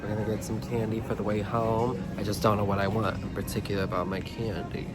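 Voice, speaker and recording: A young man chatting excitedly to his viewers in a casual vlog, joking at his own expense and calling them "girl". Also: fairly low pitch, fast, loud music behind the voice. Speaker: vlogger. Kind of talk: casual vlog chat to camera. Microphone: phone held while talking.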